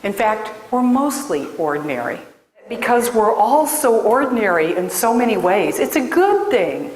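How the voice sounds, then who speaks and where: A woman's voice: a little high, sing-song, normal speed, a little mellow. A woman career coach from Des Moines giving a keynote speech, telling stories and addressing the audience emphatically. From Des Moines, Iowa. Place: large hall before an audience. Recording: roomy hall with long echo.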